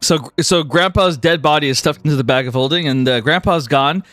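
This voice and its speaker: A man narrating as game master of a tabletop game, animated and quick to laugh. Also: on the high side, no room sound, faint music behind.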